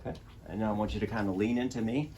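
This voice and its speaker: Male chiropractor, low voice, encouraging, brisk repeated instructions during treatment. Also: fairly even intonation, dark tone, slight background noise. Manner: encouraging, gives short repeated commands. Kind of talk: coaching a patient through treatment. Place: treatment room indoors.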